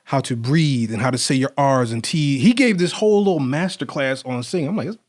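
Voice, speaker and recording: A man co-hosting a podcast in casual chat, animated and rambling, often restarting his sentences. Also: mid-range voice, brisk. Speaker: podcast co-host.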